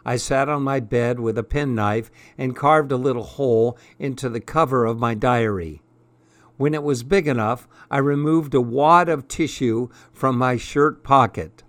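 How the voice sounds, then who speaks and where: A man reads a first-person story aloud in a measured, expressive narrating voice. He takes a slow, unhurried pace, and his voice sits at a middle pitch. The recording is close and dry, with no room sound. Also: no room sound. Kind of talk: audiobook narration.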